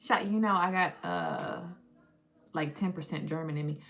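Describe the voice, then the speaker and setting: A woman's voice: low voice, animated, moderate pace, creaky, a bit bright. A woman hosting a casual live stream, playful and joking, drawing out words as she sounds them out. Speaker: livestream host.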